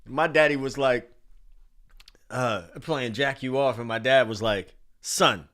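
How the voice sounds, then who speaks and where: A man in his forties hosting a casual livestream, reading chat names aloud in an animated way. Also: mid-range voice, measured pace. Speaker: livestream host.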